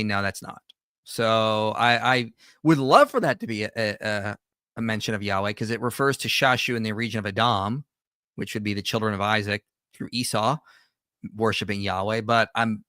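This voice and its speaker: A man's voice: medium pitch, bright, forceful tone, no echo, clean studio sound. A man hosting a livestream, giving conversational reaction commentary with frequent restarts and self-corrections. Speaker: host.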